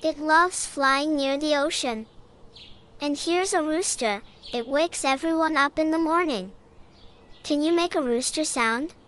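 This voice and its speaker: A woman narrating a scripted children's lesson in a bright, encouraging way, often asking the listener to join in. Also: high voice, unhurried, slight background noise.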